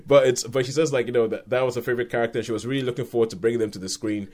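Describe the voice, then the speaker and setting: A man's voice: medium pitch, fairly even intonation, racing, a little mellow. A man hosting a casual film review podcast, playful and jokey and often laughing. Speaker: podcast host.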